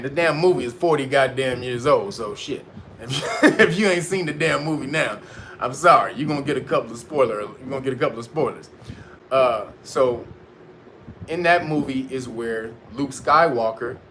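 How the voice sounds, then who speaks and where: Male livestream host, mid-pitched, casual, profane and emphatic, laughs a lot, faint background noise. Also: a bit bright.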